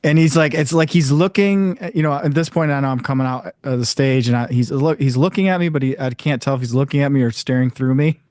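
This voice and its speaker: A man co-hosting a podcast, telling a dream story in loose casual chat. He talks haltingly, full of fillers, and laughs as he goes. His voice sounds dry and close to the mic. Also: mid-range voice, darkish tone, dry recording. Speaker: podcast co-host.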